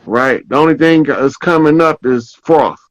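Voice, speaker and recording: Slow-talking man telling a story. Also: a little high, dry recording, dull audio. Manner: slow, storytelling, checks in with "right?" often. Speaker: podcast host. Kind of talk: casual spiritual talk.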